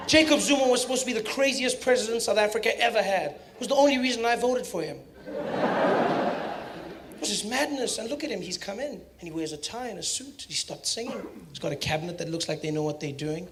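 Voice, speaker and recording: High-voiced man doing stand-up. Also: animated, fast talker. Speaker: stand-up comedian. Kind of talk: stand-up comedy. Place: comedy club stage. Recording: live stage with audience noise.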